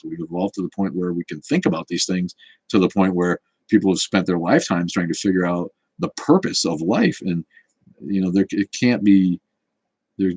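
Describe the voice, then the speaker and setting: A man's voice: sits low, a little mellow, breathy edge, dry recording, poor audio. A man, hosting a casual livestream, talking in a snarky, rambling way full of restarts as he answers chat. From Boston area.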